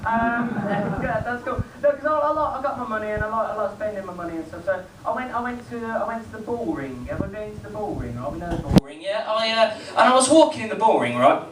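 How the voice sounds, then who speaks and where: An eighteen-year-old man with a high, lively voice races through rambling, chatty stand-up on a comedy club stage, teasing the crowd with many fillers and hardly any pauses. The mic is distant, so he sounds far off in an echoey, noisy room.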